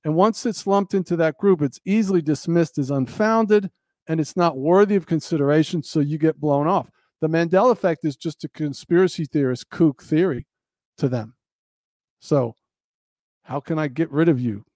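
A man with a high voice delivers an earnest monologue in a preacherly cadence. He repeats his key phrases for emphasis. The sound is dry and close. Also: normal speed, darkish tone, no room sound. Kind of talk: impassioned monologue.

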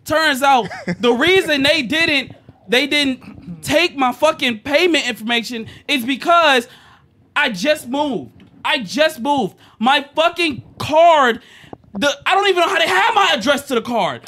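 Animated young man telling a story. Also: very high-pitched, measured pace. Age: young adult. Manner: animated, profane, swings loud and quiet. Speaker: podcast co-host. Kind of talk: casual storytelling.

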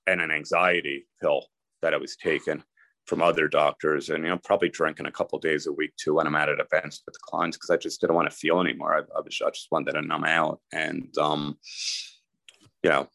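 A man's voice: rumbling low, flat delivery, a little fast, gravelly, fairly bright tone, no echo. A middle-aged man telling his personal story candidly and conversationally as a podcast guest.

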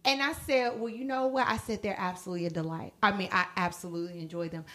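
A woman in her thirties co-hosting a casual chat, telling a story with lots of laughter and animated asides. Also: medium pitch, quick pace. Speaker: podcast co-host.

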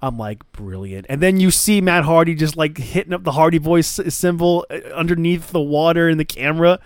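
Smooth-voiced enthusiastic male podcast host. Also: fairly high pitch, a little fast, dry recording, studio quality. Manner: enthusiastic, rambling play-by-play recap. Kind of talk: casual chat.

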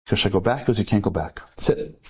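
Speaker, male, rapid animated storyteller, low husky voice, keeps asking the audience questions. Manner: animated, full of rhetorical questions and acted-out dialogue. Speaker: inspirational speaker. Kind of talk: storytelling talk to a live audience.

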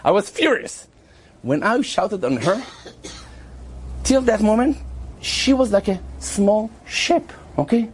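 A young man in his twenties tells a story in English, his pitch swinging wildly as he acts out every voice and bursts into laughs and shouts. His voice sits a bit high with a husky, breathy edge. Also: very animated, slow pace, pauses often. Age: 20s. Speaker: storyteller addressing a rabbi. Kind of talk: animated storytelling.

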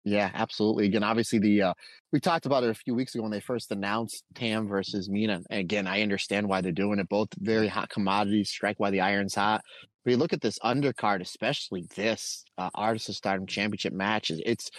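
A man with a fairly low voice talks through a podcast in a loose, chatty way, animated as he retells things and tosses asides to his listeners. His voice sounds close and dry, with no room around it. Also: fast talker, no room sound. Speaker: podcast co-host. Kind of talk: casual podcast chat.

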